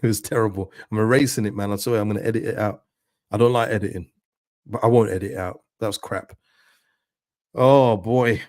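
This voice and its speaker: A man hosting a live football watchalong stream, reacting excitedly to the match and answering viewers' chat messages. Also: fairly low pitch, fairly quick, no room sound, studio quality. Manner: excitable, pleading, chatty with viewers.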